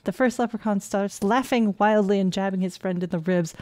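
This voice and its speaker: A woman's voice: medium pitch, steady tone, fairly quick, hardly any pauses, darkish tone, dry recording. A woman streaming a game, reading jokes and emails aloud with frequent giggles and playful voices. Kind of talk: casual let's play commentary, reading in-game emails aloud.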